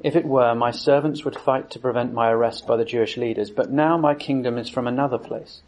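Man reads a calm prisoner before his judge in a level voice. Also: medium pitch, a little fast, natural voice.

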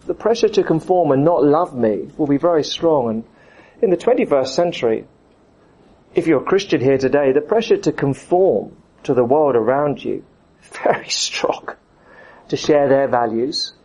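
A man's voice: on the high side, a little mellow. A man preaching a sermon, acting out the voices of the people he quotes.

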